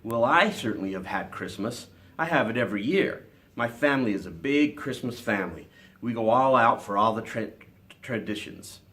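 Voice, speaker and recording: A man's voice: mid-range voice, expressive, normal speed, fairly bright tone, close to an everyday voice. A man reading aloud and voicing a cheerful, teasing young woman in a storybook. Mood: playful.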